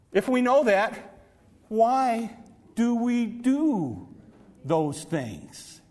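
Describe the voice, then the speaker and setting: A man's voice: high voice, in a large hall. A man preaching a sermon in church, telling folksy stories and repeating words when he presses a point.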